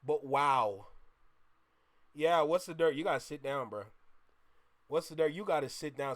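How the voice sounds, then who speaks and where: A young man reacts on a live stream in casual, slangy talk, excitably swinging between loud outbursts and low muttering. He keeps a measured pace with long pauses.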